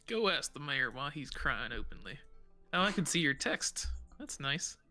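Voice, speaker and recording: A playful woman cracking jokes while streaming a detective game. Her tone is bright and forward, and soft music sits faintly behind her. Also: low voice, big pitch swings, a little slow. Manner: playful, jokey. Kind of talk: casual game stream chat.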